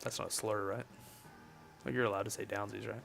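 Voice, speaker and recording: A man's voice: lowish voice, fairly even intonation, a little fast, vocal fry, a bit bright. A young man chatting casually on a gaming livestream, joking and reading chat aloud, with faint music behind him. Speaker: streamer.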